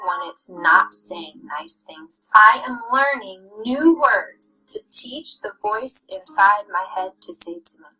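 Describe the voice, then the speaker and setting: A woman guiding a child through breathing and affirmations in a soft, gentle voice that often drops to a half-whisper. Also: medium pitch, animated, slow, hardly any pauses, poor audio. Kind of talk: guided relaxation and spoken affirmations.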